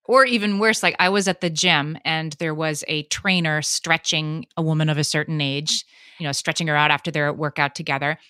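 A woman in her late thirties co-hosts a podcast, telling stories in casual chat and acting out what others said with animation. Her deep voice is clear and resonant, a little fast, and recorded cleanly in a studio with no echo.

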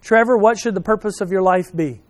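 A man preaching a sermon, asking his listeners questions and swinging from loud emphasis to quiet, soft remarks. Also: sits high, fairly quick. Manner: addresses listeners by name, asks questions. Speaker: pastor.

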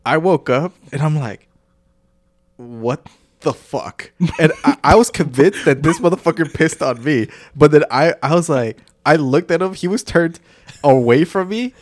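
A man's voice: a little high, normal speed, dry recording, studio quality. Stammering young man, casual swearing chat. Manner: excitable, swearing, stammering restarts. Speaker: podcast co-host.

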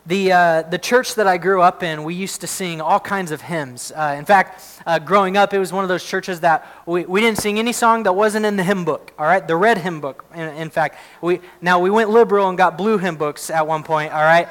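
A man's voice: normal speed, hardly any pauses. A man preaching a sermon as a pastor, reading scripture aloud and then explaining it in casual asides. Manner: prays in a hushed, lowered voice.

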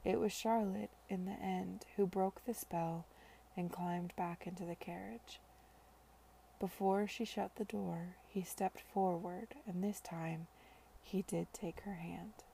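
A woman reading a novel aloud as host of her reading podcast, in a calm, even narration. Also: fairly low pitch, takes it slowly, vocal fry, slight background noise. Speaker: podcast reader.

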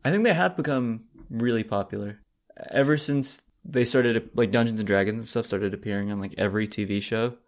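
A man co-hosting a casual comedy podcast, teasing his friend with deadpan jokes while running a made-up role-playing game. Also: lowish voice, a little fast. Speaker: podcast co-host and game master.

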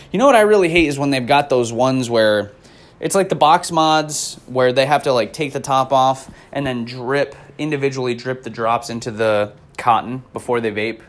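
Man in his twenties, stand-up comedy rant, profane, rambling, exasperated, medium pitch. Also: fairly bright tone. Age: 20s.

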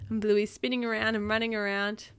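A mum reads a children's picture book aloud at home, stopping for friendly asides to her child. Her voice sits at an ordinary middle pitch. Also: flat delivery, fairly quick, clean tone. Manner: warm, chatty asides to a child. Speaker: parent reading to child.

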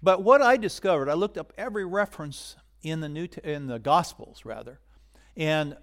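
A man preaching a sermon in a conversational way, rising to loud emphasis and dropping to hushed whispers. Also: a little high, very animated, moderate pace. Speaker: pastor.

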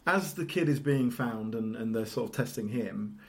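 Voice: mid-range voice, lively intonation, normal speed. Thoughtful British film chat voice. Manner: analytical, thoughtful, laughs along. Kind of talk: casual film review chat.

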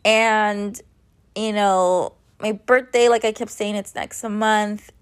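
A woman's voice: medium pitch, fairly even intonation, slow, clear, resonant tone. Thirties woman rambling thru a story, lots of likes, swears a bit, kinda tired. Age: 30s. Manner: chatty, rambling, many "like" fillers; blunt, with casual swearing. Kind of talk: casual storytelling monologue.

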